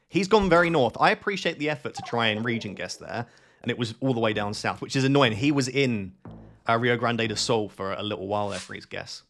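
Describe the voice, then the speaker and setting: Man, gaming host, live gameplay commentary, thinks aloud, questions himself, mid-pitched voice. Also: fairly bright tone.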